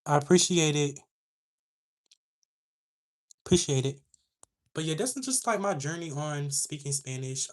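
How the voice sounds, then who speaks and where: A young woman hosting a livestream, telling a story to her chat in a sassy, animated way. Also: extremely low pitch. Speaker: livestream host.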